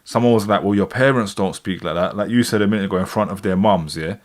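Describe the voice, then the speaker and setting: A man's voice: on the low side, fast talker. A man in his forties with a London accent, chatting casually on a live stream and reading out viewer comments. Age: 40s. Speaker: streamer reacting to music.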